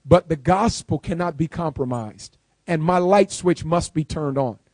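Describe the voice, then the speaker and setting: A man preaching to a live congregation in a notably high voice. He hammers points home by repeating them and swings between soft asides and forceful declarations. The sound is close and dry. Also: a little slow, dry recording. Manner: emphatic, repeats key lines for stress. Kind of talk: sermon.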